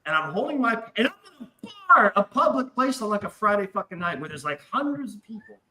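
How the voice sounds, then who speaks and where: A man's voice: high voice, fast talker, reverberant, slight background noise, poor audio. A man casually telling a wild story, swearing often and acting out the voices of the people in it. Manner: animated, profane, acts out voices in his story. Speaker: podcast guest.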